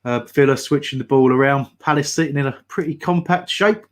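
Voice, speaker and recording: A man's voice: medium pitch, fairly quick. A man giving casual running commentary on a football match, teasing his co-hosts. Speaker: watch-along co-host.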